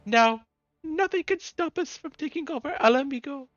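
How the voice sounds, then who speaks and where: A man's voice: very high-pitched, expressive, normal speed, fairly bright tone, lo-fi sound, voice pushed up. A man voicing a pompous, posh male villain who poses as a leader of the poor, with grand speechifying delivery. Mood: grandiose. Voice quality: posh, haughty. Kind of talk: voicing game dialogue while streaming.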